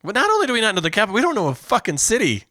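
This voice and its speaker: Brief: man with a raised, very lively voice, bright and dry up close, excitable banter on a comedy podcast. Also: high voice, very fast, no room sound. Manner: excitable, swoops up in disbelief, laughs a lot. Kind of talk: casual comedy podcast chat.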